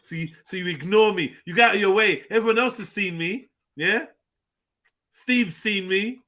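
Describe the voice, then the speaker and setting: A man's voice: high-pitched, moderate pace, sharp tone, poor audio. A man hosting an open panel, talking animatedly and breaking into laughs and quoted voices. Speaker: host. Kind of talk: casual chat.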